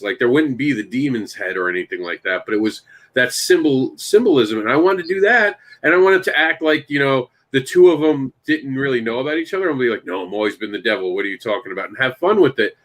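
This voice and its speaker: Animated storytelling man, mid-pitch voice. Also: a little fast. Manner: animated storyteller, talks to co-hosts by name. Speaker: podcast host and comic creator. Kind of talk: casual chat.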